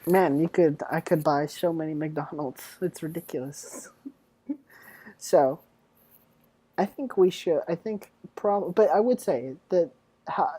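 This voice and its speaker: A man's voice: on the high side, slow pace, warm tone, no room sound. A young man hosting a casual podcast chat, joking and teasing his guests and laughing often. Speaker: podcast host.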